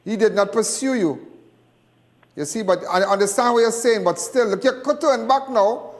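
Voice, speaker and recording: A man's voice: high-pitched, normal speed. Firm Trinidadian male talk-show host. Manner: firm, lecturing, interrupting. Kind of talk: live call-in talk show.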